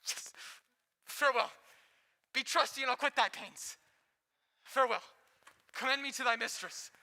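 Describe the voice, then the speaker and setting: A woman playing an earnest young male lover in a Shakespeare stage reading, courtly and ardent. The tone is very sharp and bright. A long reverb hangs on it. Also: high voice, normal speed. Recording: long reverb on live stream.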